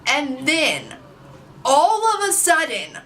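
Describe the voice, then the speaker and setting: Bright, chatty young woman. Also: sits high, slow, a little hiss or hum. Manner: chatty, filler-heavy, animated. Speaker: vlogger. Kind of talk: casual storytime.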